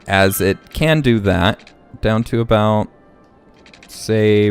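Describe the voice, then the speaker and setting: A man's voice: lowish voice, smooth, soft background music. A young man hosting a casual city-building gameplay video, thinking aloud as he works. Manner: slow, thinking aloud, hiccuping. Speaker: let's play host.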